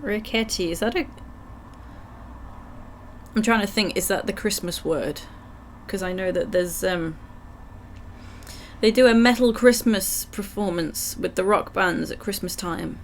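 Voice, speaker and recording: Croaky woman streamer, slow relaxed delivery, chatty and giggly, faint background noise. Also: medium pitch. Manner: chatty, giggly, reads chat aloud. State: croaky throat. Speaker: livestream gamer. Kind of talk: casual live gameplay chat, reading game text aloud.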